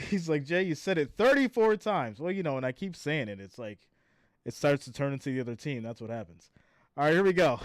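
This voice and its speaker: A tired-sounding man with a medium-pitched voice calls plays on his live stream and reads viewer messages out loud, chatting and laughing. The audio is studio quality, free of room sound.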